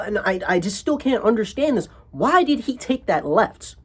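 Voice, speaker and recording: A husky young man rambles through a comedic storytime, swearing constantly and tripping over restarts. His delivery is animated and full of exasperation, with a somewhat breathy edge to the voice. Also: high-pitched, normal speed, few pauses.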